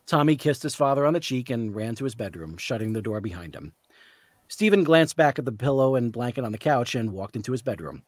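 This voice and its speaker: A man reading the narration of a novel aloud in a measured storytelling way. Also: mid-range voice, lively intonation, darkish tone, no room sound. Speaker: author reading.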